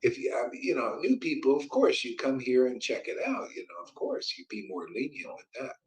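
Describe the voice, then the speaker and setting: A man's voice: medium pitch, wildly swooping pitch, a little fast, gravelly, low-quality recording. A man leading a group, who talks in an easygoing, rambling way and chuckles often.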